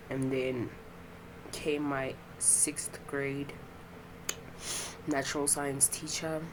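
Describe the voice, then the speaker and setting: A young woman hosts a podcast in a low-pitched voice over background noise. She talks in a casual, rambling monologue, chatty and profane, packed with fillers and swearing.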